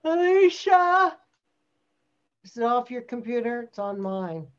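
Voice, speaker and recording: A woman acting teacher on a video call, coaching a class with brisk directions. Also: a little high, darkish tone, dull audio.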